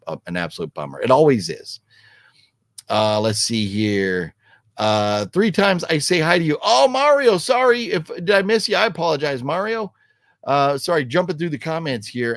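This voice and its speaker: Male streamer, casual rambling talker, very animated intonation, dry room. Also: no room sound. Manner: rambling, restarts often, animated swings in pitch. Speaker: host of a livestream movie talk show. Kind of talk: casual live-stream chat reading comments.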